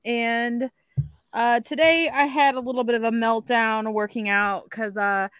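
A woman's voice: on the high side, measured pace, smooth, no echo, studio quality. Chatty woman telling a rambling story. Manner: animated storytelling, lots of "like", swears. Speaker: podcast co-host. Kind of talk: casual chat.

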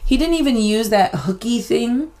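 A middle-aged woman co-hosting a podcast, telling a personal story in a casual, animated way and acting out the back-and-forth. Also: on the high side, moderate pace. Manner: animated storyteller, acts out quoted exchanges. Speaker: podcast co-host.

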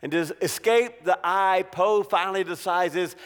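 A man preaching a sermon to a congregation, slow and dramatic, swinging from raised, forceful lines to hushed, quiet drops. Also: high-pitched, clear, resonant tone. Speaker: pastor. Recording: long reverb of a church hall.

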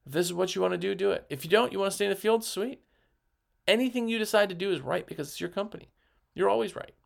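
A man's voice: sits high, fast talker, creaky. A man talking on a podcast as a sales rep, giving a passionate pep talk that rambles with fillers and restarts. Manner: gets worked up, passionate. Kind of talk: energetic motivational podcast talk.

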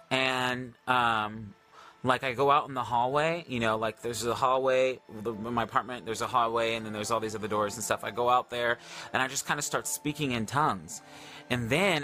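A man hosting a livestream, telling a story casually in a rambling, animated way with many fillers and restarts. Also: medium pitch, measured pace, faint music behind. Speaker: livestream host.

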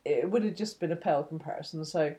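A woman's voice: sits low, fast talker, warm tone. A woman co-hosting a podcast in casual chat, blunt, swearing and laughing often. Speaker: podcast co-host.

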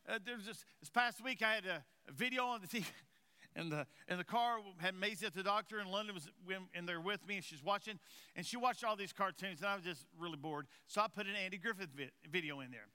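A man preaching a sermon to his congregation in a conversational way, often stumbling over and repeating his words, his voice swinging from quiet and low to loud and rising. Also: quick pace, clear, resonant tone. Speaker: pastor.

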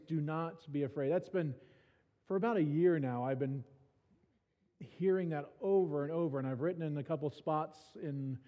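A male pastor preaching a sermon in a church, talking casually with dry, self-mocking humor and restarting his words often. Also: on the high side. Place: church sanctuary. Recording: reverberant church hall, dull sound.

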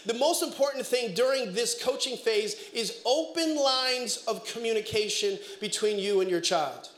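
A middle-aged man preaching a sermon as pastor, telling family stories in an animated way with bursts of shouting. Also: very high voice, normal speed. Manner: animated storytelling, breaks into shouts and laughter. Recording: echoey room.

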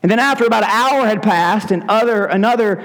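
A man's voice: sits high, a little fast, a bit bright, in a large hall. A male pastor preaching a sermon in a church, retelling scripture in a vivid, dramatic storytelling manner. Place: church sanctuary.

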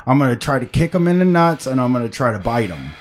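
A man co-hosting a call-in show, talking in rambling, profane, animated banter. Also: mid-range voice, fast. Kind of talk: crude casual banter.

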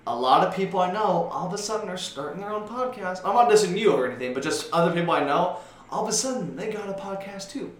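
Young guy rambling on his podcast, kinda high voice, gets worked up, echoey room. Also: expressive, quick pace. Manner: rambling, gets loud and worked up when riled. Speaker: podcast host. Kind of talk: casual chat.

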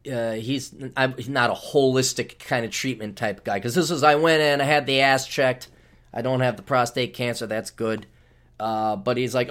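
Podcast host, man, 40s, mid-pitched, rambling and crude, big swings in volume. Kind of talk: casual monologue.

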